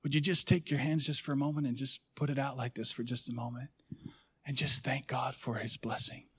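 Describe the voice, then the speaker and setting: A middle-aged man preaching a sermon as pastor, swinging from hushed, intimate lows to loud rousing calls to the congregation. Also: flat delivery, fairly quick, breathy edge.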